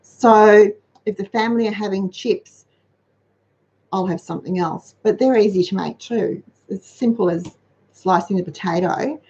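The lo-fi recording captures a dark, medium-pitched woman's voice at normal speed. She's a middle-aged host of a casual money-saving livestream, talkative and practical, reading viewer comments and responding to them.

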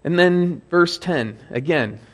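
A man's voice: a little high, expressive, slow. A male pastor giving a sermon in a church, explaining scripture in a conversational way and reading verses aloud with emphasis.

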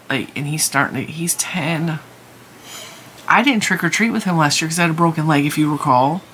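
A woman's voice: low voice, moderate pace, fairly bright tone, slight background noise. A tired middle-aged woman chatting casually to camera at home, rambling with many restarts and sounding worn out. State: exhausted and teary. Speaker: crochet channel host.

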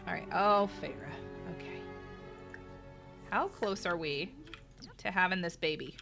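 Speaking a little slowly in a low, creaky voice, a middle-aged gaming channel host gives chatty let's play commentary. She addresses her viewers and exclaims at the game while faint game music plays behind her.

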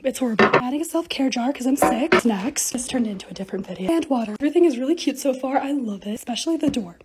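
A young woman narrating her home organizing projects in a chatty, excitable voice-over with quick asides. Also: high-pitched, noisy background. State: hoarse, losing her voice. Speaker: lifestyle creator.

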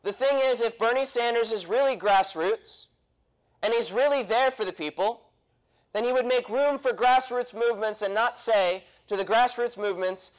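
A man's voice: very high voice, moderate pace, fairly bright tone, poor audio. A young man speaking at a political convention, punchy and quizzing the audience with questions. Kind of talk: political talk to a live audience. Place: convention hall.

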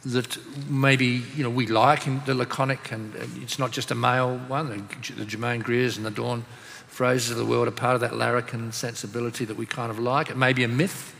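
A man's voice: medium pitch, little pitch movement, a little fast, vocal fry, few pauses, fairly bright tone. An Australian man moderating a panel discussion, easygoing and fond of telling anecdotes. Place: conference hall. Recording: reverberant hall with faint room noise.

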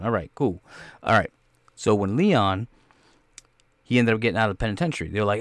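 A man hosting a podcast, reacting casually to a movie trailer in a rambling, excitable, profane way. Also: lowish voice, a little fast, no echo. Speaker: podcast host.

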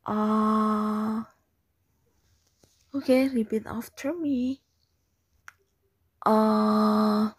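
Lady teaching tones super slow, gravelly husky voice, half whispers, dry sound. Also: lowish voice, warm tone. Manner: slow and patient, repeating syllables, often half-whispered. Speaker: language teacher. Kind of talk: slow beginner pronunciation lesson.

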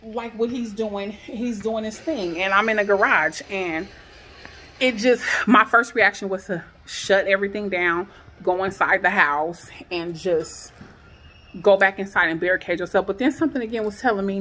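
A woman in her thirties telling an upset personal story in a vlog from her garage, her voice rising into pained, near-shouted questions. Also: mid-range voice, normal speed. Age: 30s. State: shaken. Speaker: vlogger.

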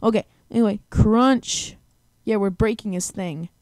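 A young woman hosting a gaming channel, giving excitable let's-play commentary with bursts of repeated words. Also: medium pitch, unhurried, dry recording, clean studio sound.

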